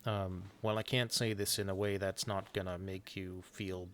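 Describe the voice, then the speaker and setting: A man's voice: low voice, flat delivery, moderate pace, fairly bright tone, a little hiss or hum. A man in an in-character western roleplay, telling a story in a hesitant way with many fillers. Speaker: roleplay streamer.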